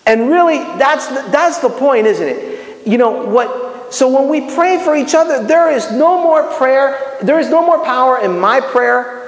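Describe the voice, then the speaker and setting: A man's voice: very high-pitched, a little slow. A man from Miami teaching a Bible lesson in a sermon style, acting out prayers with lots of restarts. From Miami, United States. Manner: animated, acts out prayers, many restarts. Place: community center hall. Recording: echoey hall with long reverb.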